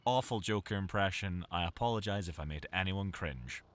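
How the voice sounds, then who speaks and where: A man's voice: sits low, a little fast, fairly bright tone. A young Scottish man, a voice actor, rambling about himself in a self-mocking, chatty way while recording in a small cupboard booth. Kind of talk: recorded game dialogue, rambling monologue.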